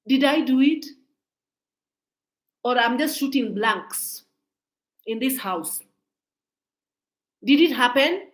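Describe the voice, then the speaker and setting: A woman's voice: sits high, animated, slow, pauses often, reverberant, low-quality recording. A woman in her forties giving a scolding, preachy commentary monologue, repeating her points. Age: 40s. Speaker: social media commentator.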